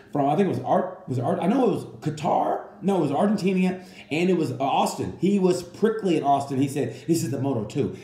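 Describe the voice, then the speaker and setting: A man's voice: on the high side, reverberant. Rambling man in a comedy race review. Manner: animated, rambling, with restarts and asides. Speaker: comedian reviewing motorcycle races. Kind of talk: casual comedic monologue.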